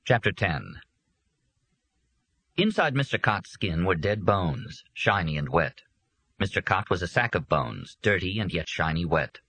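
A man reading a novel aloud as a narrator, with a steady, measured delivery. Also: low-pitched, slightly rough. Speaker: audiobook narrator. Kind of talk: scripted narration.

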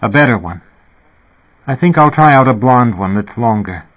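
A man's voice: mid-range voice, animated, moderate pace, natural voice. A man reading the inner thoughts of a sickly pregnant woman in a sardonic, wry monologue. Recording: narrow, phone-like sound.

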